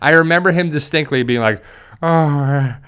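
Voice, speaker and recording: A middle-aged man talks casually to his viewers. His voice is smooth and clear at a middle pitch, and he rambles easily from one story to the next. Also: animated, fairly quick, a bit bright. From New Jersey. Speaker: YouTuber. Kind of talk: casual talking-to-camera vlog.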